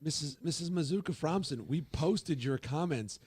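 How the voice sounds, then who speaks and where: A man's voice: fairly high pitch, expressive, normal speed, darkish tone, husky, no room sound. A man co-hosting a casual talk show, chatty and easygoing. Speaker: co-host. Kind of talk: casual chat.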